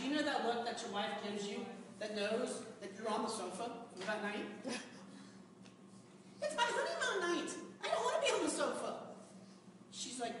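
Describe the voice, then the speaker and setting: A man giving a humorous personal story speech to a club audience, animated and laughing along as he tells it. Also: very high-pitched, background noise. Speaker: speaker at a public speaking club. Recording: echoey hall, recorded from far off.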